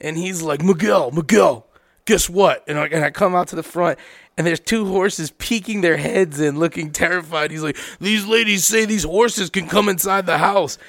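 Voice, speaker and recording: A man's voice: sits high, moderate pace, a bit bright, no room sound, studio quality. A man in casual podcast chat, telling a story with acted-out quotes, swearing and laughing.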